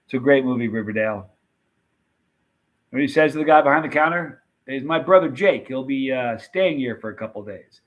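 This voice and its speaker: A man hosting a casual live stream, reading viewer comments and rambling excitedly about old movie scenes. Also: mid-range voice, a little fast, highs cut off. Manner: chatty, rambling, animated retelling of movie scenes.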